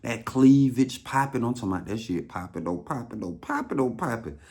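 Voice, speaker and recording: A man's voice: medium pitch, expressive, a little fast, a little mellow. A man with an Atlanta Southern accent telling a first-hand story in a casual, slang-heavy way, repeating words for emphasis. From Atlanta, USA.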